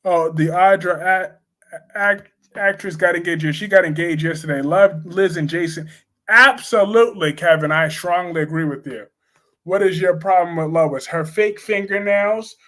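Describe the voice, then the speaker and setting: A man with a high voice talks slowly and bluntly through his soap opera opinions. He repeats his points for emphasis in a casual live-stream chat with viewers. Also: a bit bright.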